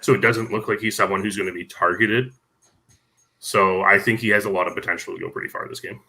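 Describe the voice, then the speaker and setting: A man guesting on a casual podcast, explaining things with knowledge in a measured way, with frequent ums. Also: on the low side, steady tone, creaky, sharp tone, rough recording.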